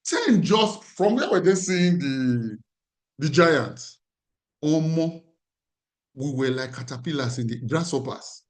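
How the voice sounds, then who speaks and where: A man's voice: on the high side, animated, takes it slowly. A man with a Nigerian accent, a life coach teaching a class in an emphatic way and repeating his key phrases.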